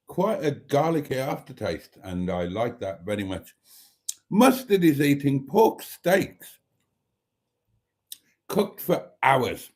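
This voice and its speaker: A man's voice: medium pitch, a little mellow. A middle-aged man hosting a casual live stream, reading out viewer comments and teasing them in a chatty way.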